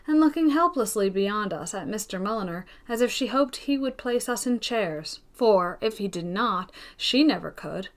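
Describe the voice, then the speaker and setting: A woman narrating an old novel in calm, measured scripted narration. Her voice sits in an ordinary middle pitch and stays even and steady. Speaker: audiobook reader.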